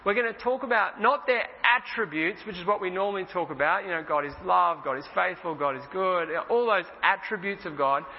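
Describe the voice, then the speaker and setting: A male pastor preaching casually, reading scripture slowly and with emphasis. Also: high-pitched, gravelly. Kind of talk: sermon. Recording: dull roomy hall sound.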